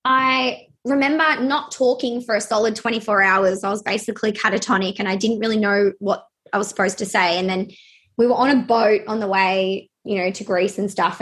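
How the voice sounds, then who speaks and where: A young adult woman telling a personal story in an interview, hesitant and halting with many fillers. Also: mid-range voice, a bit bright.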